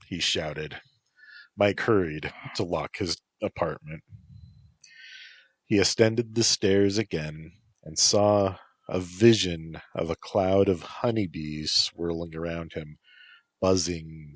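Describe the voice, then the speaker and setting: A man narrating a story in a calm, even storytelling manner. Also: low voice, husky, dry recording.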